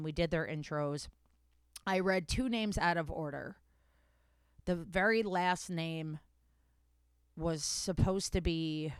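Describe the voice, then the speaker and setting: A woman host tells a long story in a loose, candid way, swearing freely and stopping to correct the order of events. Her voice is smooth and clear. The recording is dry and close. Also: low voice, no echo. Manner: backtracks and corrects herself mid-story. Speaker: podcast host. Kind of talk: casual storytelling.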